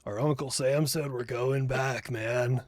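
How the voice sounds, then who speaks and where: A man's voice: mid-range voice, fairly even intonation, unhurried, no room sound, clean studio sound. A man streaming a reaction video, joking crudely and swearing often. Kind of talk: casual reaction commentary.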